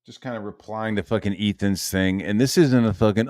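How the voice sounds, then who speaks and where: A man's voice: on the low side, fairly quick, darkish tone, no echo, studio quality. A man ranting in a heated, profane and sarcastic monologue. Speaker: online commentator.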